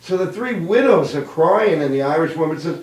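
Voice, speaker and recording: A chatty male comedy host in his fifties tells jokes and family stories with a fairly high voice. He laughs at his own lines. The sound is roomy and picked up from a distance. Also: lively intonation, normal speed, a little mellow. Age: 50s. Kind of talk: stand-up joke telling. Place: live streamed show room. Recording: roomy, away from mic.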